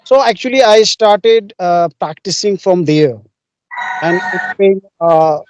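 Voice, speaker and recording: A man interviewing someone, polite and halting as he searches for words, heard over a remote call. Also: sits high, dry recording. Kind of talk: casual interview. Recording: dull dry lo-fi audio.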